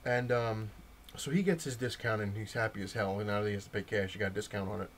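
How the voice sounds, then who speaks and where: Slight background noise accompanies this man, who talks fast in a lowish, steady voice. Indoors at home, he casually rambles to camera about going to a comic shop and the new comics he picked up, restarting often and leaning on fillers.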